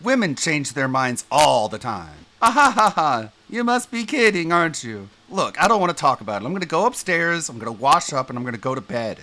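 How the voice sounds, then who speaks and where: A man doing a stilted impression of a brooding, heartbroken movie character with strange, halting phrasing. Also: a little high, pitched below the performer's own voice. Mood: defensive. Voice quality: odd, broken phrasing and stilted delivery. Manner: swings between melodramatic pleading and flat reassurance.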